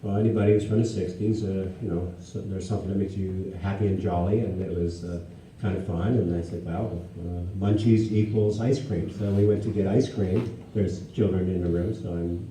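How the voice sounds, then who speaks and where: A low, mellow-voiced man in his sixties spins anecdotes for a live crowd, jumping into animated voices for each character he quotes. He sits far from the microphone in a big, echoey hall with a faint murmur behind him. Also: moderate pace, slight background noise. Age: 60s. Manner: animated, acts out quoted dialogue in raised voices. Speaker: guest speaker before an audience. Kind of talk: anecdotal storytelling to a live audience. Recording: echoey hall, distant mic, faint ambience.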